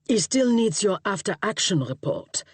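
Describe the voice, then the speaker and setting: A man's voice: high voice, very animated, moderate pace, breathy edge, no room sound, full character voice. A woman reading a dry male boss. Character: Interpol chief, male boss, brisk and political.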